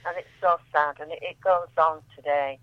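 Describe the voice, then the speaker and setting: A woman reading her own poems aloud in a measured, solemn way, then chatting about them. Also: sits low, fairly even intonation, narrow, tinny audio, very noisy. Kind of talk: poetry reading and radio chat.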